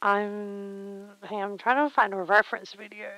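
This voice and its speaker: Slow, rambling woman streamer. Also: medium pitch, flat delivery, fairly bright tone, dry recording, poor audio. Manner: rambling, playful, thinks aloud. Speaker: livestream host. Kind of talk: casual chat while crafting.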